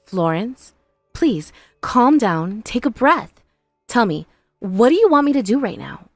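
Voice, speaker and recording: A woman voicing a patient young bride in an animated story, calm, earnest and reasoning. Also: fairly high pitch, unhurried, dry recording, soft background music, exaggerated voice.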